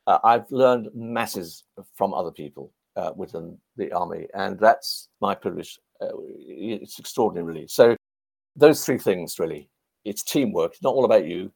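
Gravelly-voiced man, animated storyteller, former army clergyman, interview guest. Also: low-pitched, normal speed. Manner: animated, anecdotal.

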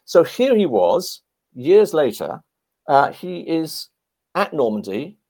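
Gravelly-voiced man, animated storyteller, former army clergyman, interview guest. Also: a little high, slow. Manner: animated, anecdotal.

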